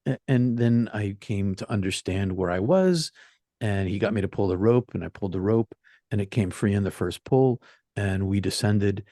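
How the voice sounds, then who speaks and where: A man being interviewed, telling his near-death experience in an earnest, halting way that repeats phrases. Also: on the low side, mellow, no echo, clean studio sound. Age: young adult telling of age 20, now older. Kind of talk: personal storytelling interview.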